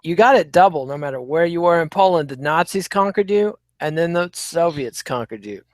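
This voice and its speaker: A man's voice: fairly high pitch, expressive, brisk, no echo. A man hosting a casual podcast, previewing fights with dry, sarcastic wit. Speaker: podcast host. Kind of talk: casual chat, sports preview.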